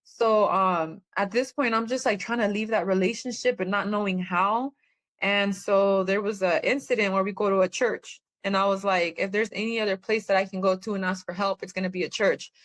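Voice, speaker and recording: A woman's voice: medium pitch, steady tone, fairly quick, a bit bright. A woman guest on a podcast, telling a personal testimony in a candid, plainspoken way.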